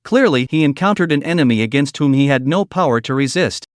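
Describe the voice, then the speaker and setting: A man's voice: a little high, expressive, quick pace, no room sound, clean studio sound, lightly acted. A man voicing an old, withered monk servant in a narrated story, speaking in a subdued, deferential way. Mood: grave.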